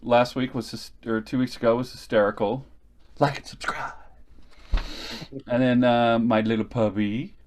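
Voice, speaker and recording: A man's voice: medium pitch, flat delivery, moderate pace, hardly any pauses, darkish tone. A man co-hosting a podcast in casual chat, playful and teasing. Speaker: podcast co-host.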